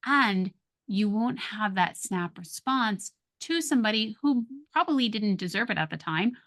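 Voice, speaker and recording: A woman guest, a parenting communication coach, speaks in a steady, medium-pitched voice at a measured pace on what sounds like an unscripted podcast. Calm and coaching, she gives relaxed advice and acts out sharp versus soft tones to show the difference.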